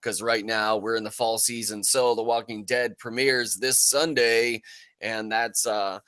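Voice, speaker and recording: A man's voice: on the low side, fairly even intonation, unhurried, sharp tone, smooth, dry recording. A man hosting a casual live-stream podcast, with a loose, rambling, jokey way of talking into a close desk mic. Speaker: podcast host.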